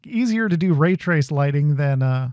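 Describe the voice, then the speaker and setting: A man's voice: fairly high pitch, lively intonation, moderate pace, darkish tone, dry recording, clean studio sound. A man in casual, profane gaming chat, explaining game details.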